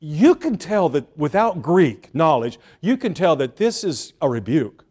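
A man preaching a sermon with animated emphasis, dropping to hushed asides and acting out the people he quotes. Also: a little high, unhurried. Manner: acts out quoted speakers in lively voices.

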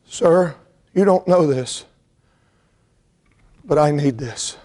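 A male preacher delivering a revival sermon in a tearful state, swinging from fervent shouted bursts down to soft, quiet storytelling. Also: on the high side, slow.

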